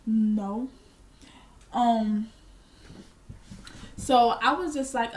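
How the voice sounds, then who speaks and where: A woman's voice: fairly high pitch, steady tone, drawn-out words, pauses often. A young woman vlogger telling a casual storytime, blunt and profane, proudly petty and unbothered. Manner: boastfully petty.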